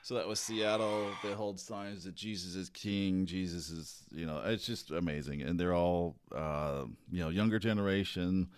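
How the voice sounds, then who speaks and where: A man hosting his own show, talking casually in a rambling, halting way with restarts. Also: low-pitched, steady tone, clear, resonant tone. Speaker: podcast host. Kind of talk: casual solo commentary.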